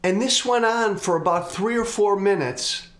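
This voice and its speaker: A middle-aged man and show host speaking in an earnest, confessional monologue, slow and deliberate. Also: sits high, fairly bright tone. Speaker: political commentator, host. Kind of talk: reflective monologue. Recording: roomy echo.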